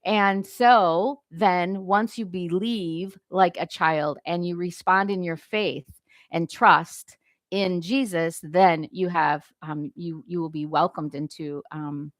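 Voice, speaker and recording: A woman's voice: on the low side, steady tone, slow, no echo, clean studio sound. An older woman giving an informal devotional teaching, conversational and often checking in with her listeners. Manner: conversational, self-correcting, asks "right?" often. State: briefly choked up. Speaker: Christian leadership teacher.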